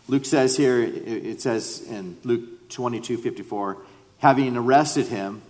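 Male preacher, earnest, lowish voice, long hall reverb. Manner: earnest, re-enacts quotes with rising emphasis. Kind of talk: sermon with Bible reading.

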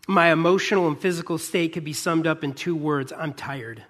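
An earnest man in his thirties preaches a heartfelt sermon with a slightly high voice. He pauses often and builds toward a fervent, pleading intensity. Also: fairly bright tone. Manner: earnest, pausing, rising to a fervent plea. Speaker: pastor.

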